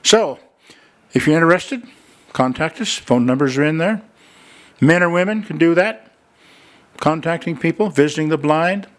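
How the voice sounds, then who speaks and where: A man's voice: fairly high pitch, moderate pace, long pauses. Folksy older male preacher. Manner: folksy storytelling, chatty asides. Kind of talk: sermon with fundraising appeal. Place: church.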